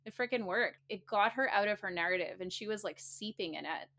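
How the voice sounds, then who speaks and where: With a fairly quick delivery and a mid-range, fairly bright voice, a woman talks casually to listeners. She tells her story animatedly, laughing a lot and repeating phrases earnestly.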